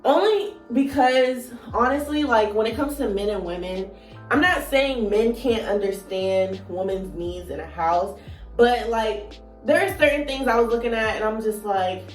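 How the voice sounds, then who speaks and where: A woman's voice: fairly high pitch, animated, normal speed, distant mic. A woman in her twenties with a groggy morning voice, telling a casual story time vlog, chatty and playful with lots of "like" and "you know". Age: 20s. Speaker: vlogger. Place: at home while doing her morning routine. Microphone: phone on a moving gadget. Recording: echoey room, phone set back, soft music behind.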